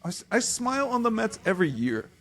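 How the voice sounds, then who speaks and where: A man's voice: high voice, sing-song, fast talker, a bit bright, no echo. A man co-hosting a casual sports podcast, telling stories playfully and laughing often. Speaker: podcast co-host.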